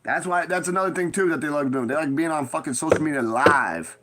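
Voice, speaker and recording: A man's voice: a little high, lively intonation, quick pace, heavy background noise. Blunt, profane man giving stern warnings. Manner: blunt, heavily profane street slang. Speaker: vlogger giving street advice. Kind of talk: casual rambling monologue.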